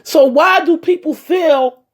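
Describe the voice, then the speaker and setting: A woman's voice: high voice, slow pace. A woman giving a heartfelt personal talk, speaking directly to her listeners and repeating her points with emphasis. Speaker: personal storyteller addressing viewers.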